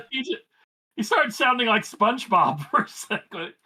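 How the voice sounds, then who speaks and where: Easygoing woman with a bright, lively voice. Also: a little high, moderate pace. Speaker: podcast co-host, games writer. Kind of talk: casual chat.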